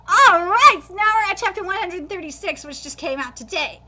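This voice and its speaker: A woman streamer reading a manga aloud and reacting live, excitable, exclaiming and swearing. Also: very high voice, fairly quick, hardly any pauses, very noisy.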